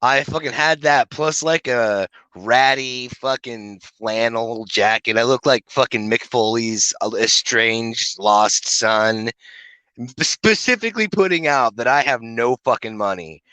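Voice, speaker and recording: A middle-aged man spins crude, rambling stories for a podcast, swearing freely and acting out the people he quotes. His voice has a bright, forceful edge. The sound is dry and close, with almost no room. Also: medium pitch, a little slow, clean tone, no echo, low-quality recording. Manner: profane, rambling anecdotes with animated quoted voices. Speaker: podcast co-host. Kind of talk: crude casual storytelling.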